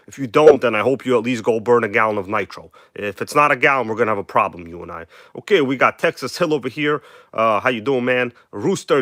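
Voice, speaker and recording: A man's voice: medium pitch, a bit bright, no room sound, clean studio sound. A man with a New York accent hosting a casual live stream from an indoor workbench, chatty and emphatic as he greets viewers by name over a phone mic.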